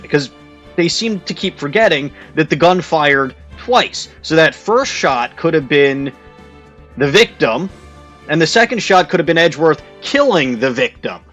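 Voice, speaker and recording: A man's voice: on the high side, a bit bright. A man hosting a video game let's play, giving casual commentary in a rambling, sarcastic way. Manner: rambling, sarcastic, with many fillers and restarts.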